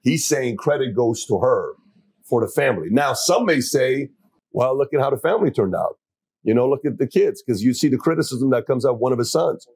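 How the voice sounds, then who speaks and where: Mellow husky man, dry close sound. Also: mid-range voice, lively intonation, fairly quick, no room sound. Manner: rambling, repeating words while searching for his point. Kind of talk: casual interview chat.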